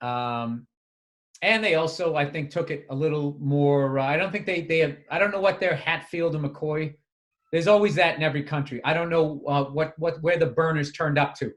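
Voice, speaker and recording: A man's voice: fairly high pitch, moderate pace, fairly bright tone. A man, a comedian and podcast co-host, rambling in casual, profane chat and restarting his sentences often.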